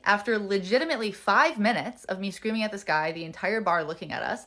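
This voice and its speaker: A woman's voice: medium pitch, fairly bright tone. A woman telling a story casually to the camera, heated and emphatic, with swearing.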